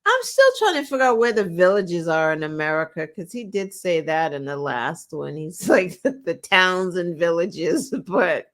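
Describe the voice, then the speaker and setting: A woman's voice: on the low side, big pitch swings, moderate pace, hardly any pauses. A woman co-hosting a political podcast, laughing often and exasperated, with profanity. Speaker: podcast co-host. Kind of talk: political commentary chat.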